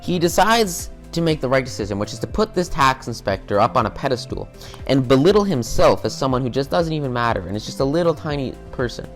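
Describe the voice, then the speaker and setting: A man's voice: mid-range voice, animated, fast, soft background music. A man giving a casual recorded business lecture, talking loosely with lots of "you know" and repeated words. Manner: conversational, many fillers and repetitions. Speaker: business skills instructor.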